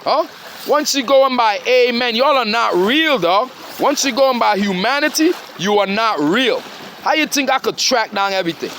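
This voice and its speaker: A man's voice: very high-pitched, fairly bright tone, a little hiss or hum. A man delivering a rambling, confrontational monologue, profane and repeatedly demanding "huh?".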